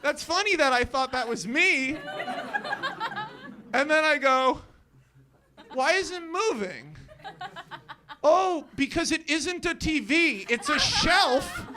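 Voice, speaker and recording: Animated man telling a story on stage. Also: very high-pitched, slow. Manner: animated, often laughing mid-sentence, acts out his own thoughts. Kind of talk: live personal storytelling on stage. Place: live storytelling show before an audience.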